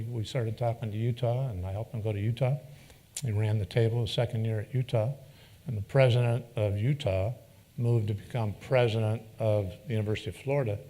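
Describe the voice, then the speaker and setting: A middle-aged man speaks to a live audience in an anecdotal, storytelling way. His voice sits in a middle pitch range. He livens up the quoted dialogue in his tale. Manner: folksy, animated, acts out quoted dialogue. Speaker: keynote speaker. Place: event venue before an audience.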